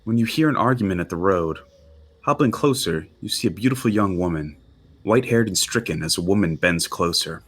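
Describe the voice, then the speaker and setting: A man narrating as game master for a tabletop game, relaxed and halting with frequent fillers. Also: low voice, husky.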